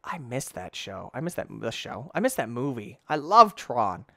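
A man giving goofy let's play commentary, talking to the game and bursting into shouts when things go wrong. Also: medium pitch, very animated, moderate pace, creaky, no room sound, studio quality.

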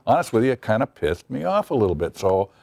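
A man's voice: mid-range voice, very animated, fast talker, creaky, darkish tone, no room sound. A middle-aged man telling a wry story from his past in an interview, acting out the quotes. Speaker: TV writer recalling a story. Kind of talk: interview anecdote.

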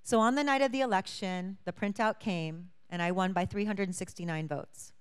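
Smooth-voiced woman giving a testimony. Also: mid-range voice, normal speed. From Hawaii. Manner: earnest storytelling, acting out quoted voices. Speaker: church guest speaker, state lawmaker. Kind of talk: testimony talk to a congregation.

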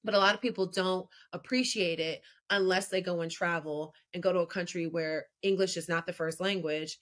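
A woman guest in her thirties, talking casually in an interview and telling stories with lively energy. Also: normal speed. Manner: animated storyteller, lively pitch jumps when telling anecdotes. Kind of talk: conversational interview.

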